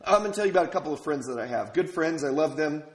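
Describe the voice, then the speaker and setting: Racing along in a fairly high, expressive voice, a Minnesota pastor delivers a sermon full of conversational storytelling. He throws rhetorical questions at his congregation, and the room echoes.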